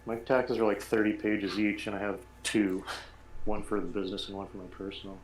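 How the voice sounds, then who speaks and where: A fairly low male voice chats and jokes in quick bursts as a player in a tabletop game. The sound is roomy with faint hiss. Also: little pitch movement. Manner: chatty, quick bursts, joking. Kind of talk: casual chat after a tabletop game. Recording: echoey room with faint noise.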